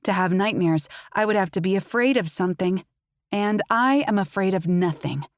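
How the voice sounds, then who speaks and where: A woman narrating a first-person fantasy audiobook in a measured, dramatic way. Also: mid-range voice, lively intonation, no echo, studio quality. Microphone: close studio mic.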